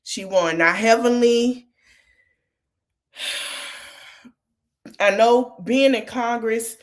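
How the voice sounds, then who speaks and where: A woman's voice: fairly high pitch, drawn-out words. A woman hosting a podcast, recapping a reality show reunion in a chatty, gossipy way, with sassy asides. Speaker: podcast host.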